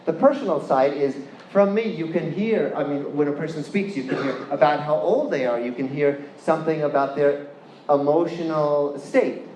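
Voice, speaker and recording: Speaking at a normal pace in a darkish voice on the high side, a Californian guest lecturer keeps his university talk playful and chatty. He puts questions to the audience. There's a little hiss or hum and faint ambience in the echoey hall.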